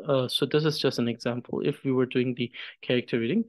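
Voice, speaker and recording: A man teaching a reading lesson, patient and measured, demonstrating pronunciation slowly syllable by syllable. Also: mid-range voice, fairly even intonation, no echo. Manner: careful, measured, pauses after each syllable when demonstrating. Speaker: Tibetan language teacher.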